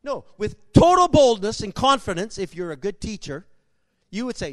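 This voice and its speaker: A man preaching a sermon, telling stories with emphasis and bursting into shouts. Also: high-pitched, big pitch swings, normal speed, no echo.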